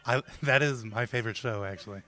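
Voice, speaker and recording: A pompous English king, as a guest puts him on speaks in a lofty, haughty way. His voice is bright and forceful, and faint music plays underneath. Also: medium pitch, fast, lightly acted.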